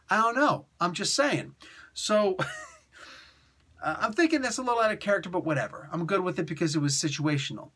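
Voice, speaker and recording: A man's voice: high voice, expressive, fairly quick, a bit bright. Chatty man reviewing comics. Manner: rambling, chatty, full of fillers and restarts. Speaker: comic book reviewer and host. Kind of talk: casual comic review monologue.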